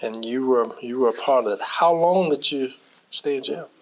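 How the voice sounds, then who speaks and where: A man conducts an oral history interview at a middle pitch, asking probing follow-up questions. He keeps his acknowledgments brief between his questions. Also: moderate pace.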